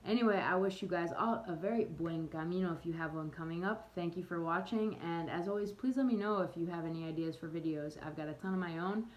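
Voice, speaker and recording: A woman's voice: lowish voice, fast talker, few pauses, poor audio. A woman giving a casual spoken lesson to camera in a chatty way, often correcting herself with amused asides. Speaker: travel vlogger teaching phrases.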